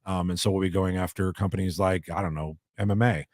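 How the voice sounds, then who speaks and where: A man's voice: deep voice, fairly even intonation, fast, darkish tone, no room sound, studio quality. A man hosting a live show, chatting casually, crude and joking, swearing freely. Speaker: podcast host.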